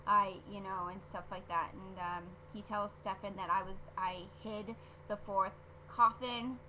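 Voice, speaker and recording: A woman vlogging a casual episode review, rambling and gushing as an excitable fan, with lots of fillers and restarts. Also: mid-range voice, measured pace, a little hiss or hum. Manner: filler-heavy with frequent restarts. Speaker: TV show reviewer.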